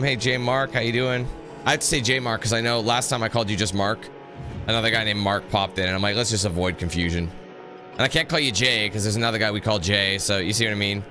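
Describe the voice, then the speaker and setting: A young man with a lowish voice chats casually through a gameplay stream, rambling and greeting viewers by name. Game music plays clearly beneath his voice. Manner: casual, rambling, laughs often. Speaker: gaming YouTuber. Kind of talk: live gameplay commentary.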